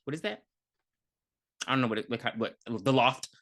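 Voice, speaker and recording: Joking man recapping a show, bright voice. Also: mid-range voice, animated. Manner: loose, joking, quick to laugh, many ums. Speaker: podcast co-host. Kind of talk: casual TV recap chat.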